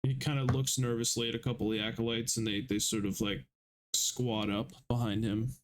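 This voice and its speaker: A man narrating a tabletop game as game master, halting and full of fillers. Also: medium pitch, flat delivery.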